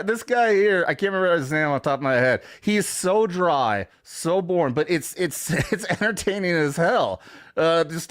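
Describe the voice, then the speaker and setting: A man hosts a loose, rambling chat show. He curses freely and breaks into laughter as he talks. His voice sits a little high, and it sounds close and dry with no room echo. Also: fairly bright tone. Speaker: show host. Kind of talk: casual livestream chat.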